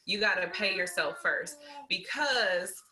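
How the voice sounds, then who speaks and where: A woman's voice: on the low side, takes it slowly, pushed and bright, low-quality recording. A woman guest in casual chat, talking earnestly and often checking in with "right?". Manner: earnest, keeps asking "right?".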